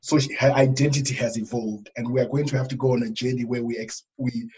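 A middle-aged man from Africa speaking thoughtfully in a panel discussion, pausing with fillers. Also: mid-range voice, expressive, darkish tone, rough recording. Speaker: panel guest. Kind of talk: casual discussion.

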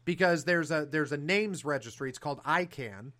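A man hosting a political talk show, talking in an animated, sarcastic way with fillers and restarts. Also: on the high side, moderate pace. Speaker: podcast host.

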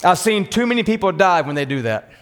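A Texan man preaches in a high, ringing voice, full of fire and conviction. His words carry a long echo through a church hall. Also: sing-song, brisk, a bit bright. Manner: passionate, fiery preaching. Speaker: pastor. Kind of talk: sermon.

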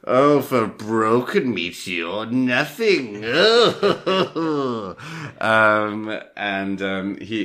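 A man with a very low voice chats through a film plot on a podcast. He wanders, pauses on ums, and slips into silly voices for the characters. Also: bright, forceful tone. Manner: rambling, lots of ums, acts out characters' lines. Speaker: podcast co-host. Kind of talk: casual chat recapping a film.

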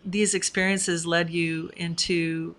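A woman's voice: lowish voice, flat delivery, takes it slowly, fairly bright tone. A woman interviewing a guest, prompting her with supportive questions.

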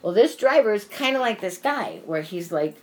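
Woman, casual chat, rambling story, swears freely, fillers everywhere, mid-pitched voice. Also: lively intonation, moderate pace. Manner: rambling, profane storytelling full of "like".

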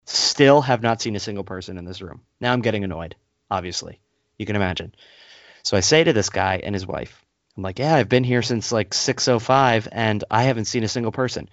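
A low-pitched man tells a rambling, worked-up story on a casual podcast and jumps into high, squeaky voices to play the people he met. The sound is dry and close, but muffled and lo-fi. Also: brisk, no room sound. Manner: animated storyteller, acts out others in high voices. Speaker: podcast co-host.

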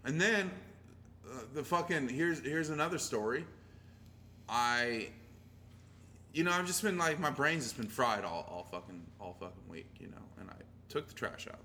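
A man telling animated stories in a casual chat, swearing often and laughing as he talks, with faint noise in the background. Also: medium pitch, normal speed. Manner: profane, animated storytelling.

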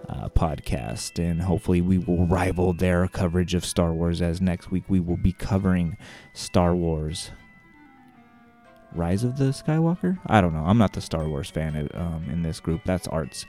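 A man's voice: sits low, normal speed, warm tone, faint music behind. A man, hosting a podcast in casual, upbeat chat and swearing freely. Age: 30s. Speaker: podcast co-host.

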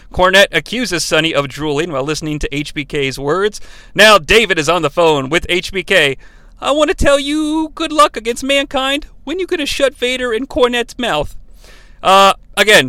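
High bright-voiced male podcast host. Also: dry recording. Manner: wry, chuckling asides to listeners. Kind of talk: casual recap of an old wrestling broadcast.

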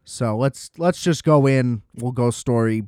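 A young man casually recapping a horror film, animated and sarcastic, swearing and laughing as he goes. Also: medium pitch, measured pace, clean tone, dry recording, studio quality. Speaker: movie reviewer.

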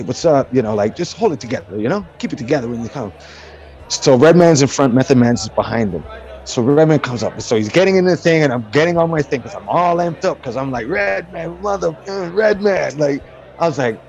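A man recounts an anecdote with mounting excitement, jumping into the voices of the people in his story and scattering fillers between phrases. His voice sits at a middling pitch. The audio is slightly dull and lo-fi. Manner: excited, acts out quotes, many fillers. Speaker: guest musician. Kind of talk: animated storytelling.

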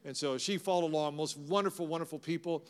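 Middle-aged pastor guy preaching, slightly high voice, gets loud then goes real quiet, big echo hall. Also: fast talker, clean tone. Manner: dynamic preaching, swings between loud proclamation and hushed intimacy. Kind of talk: sermon. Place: church sanctuary. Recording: long hall reverb.

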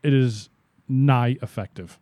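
A man on a podcast ranting about a pet peeve in crude, indignant, casual chat. His voice sits at a middling pitch, and the recording is close and dry. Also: slow pace, mellow, dry recording. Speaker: podcast co-host.

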